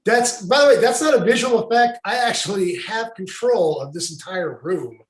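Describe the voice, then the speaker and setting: A man with a high, light voice rambles through a casual comedy chat, cracking jokes. The sound is echoey, as if from a bare room, and carries the thin quality of a video call. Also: animated, moderate pace. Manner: rambling, jokey, breaks into silly voices. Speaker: podcast co-host.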